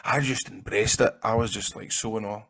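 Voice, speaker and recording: A man with a Scottish accent, a guest in an interview, telling rambling, animated stories and swearing freely. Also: on the low side, moderate pace. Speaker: interview guest, actor and wrestler. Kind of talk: casual anecdotal storytelling.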